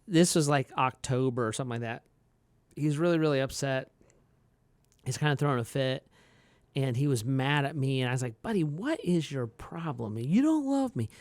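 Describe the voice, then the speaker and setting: A man's voice: clear, resonant tone, dry recording. A man, a pastor co-hosting a podcast, chatting casually and acting out quotes from his stories. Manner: storytelling, acts out quotes in a higher voice.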